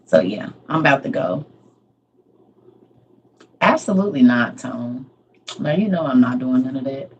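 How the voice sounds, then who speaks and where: A woman's voice: a bass voice, animated, measured pace, long pauses, highs cut off. A middle-aged woman, chatting casually on a livestream and answering viewers' comments by name, laughing often. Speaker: livestream host.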